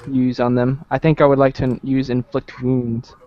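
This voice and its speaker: A man's voice: mid-range voice, level tone, moderate pace, muffled recording. A man playing in a tabletop game, thinking aloud hesitantly with many fillers and restarts. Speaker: player. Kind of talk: casual tabletop game play.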